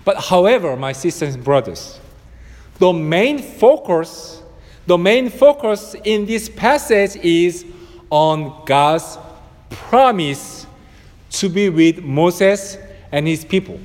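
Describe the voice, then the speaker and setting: A man with a high voice and as a delivers a sermon as pastor. He speaks slowly, leaning on repetition to build each point. His voice rings through a long hall reverb. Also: lively intonation, darkish tone. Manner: preaching with repeated phrases and swelling emphasis.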